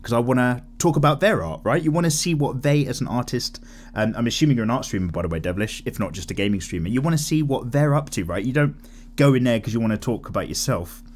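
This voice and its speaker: A man's voice: mid-range voice, expressive, fast talker, a little hiss or hum. A young man casually chatting while he draws, reading viewer comments aloud and rambling candidly through tangents. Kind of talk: casual chat while drawing.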